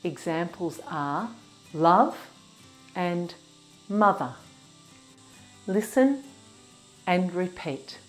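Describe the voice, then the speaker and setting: Brief: woman teacher, slightly low pitch, very slow, clear careful enunciation for beginners. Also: animated, soft background music. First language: English. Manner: clear, careful enunciation, sounds broken into parts. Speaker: English teacher. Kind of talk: slow pronunciation lesson for beginners.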